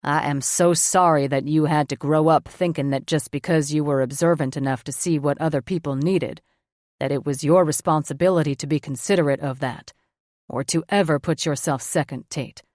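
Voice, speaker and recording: A woman reading an audiobook voices a middle-aged father speaking earnestly and gently to his daughter. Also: low-pitched, steady tone, moderate pace, no room sound, studio quality, voice pushed down, close to an everyday voice. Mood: tender. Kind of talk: audiobook narration.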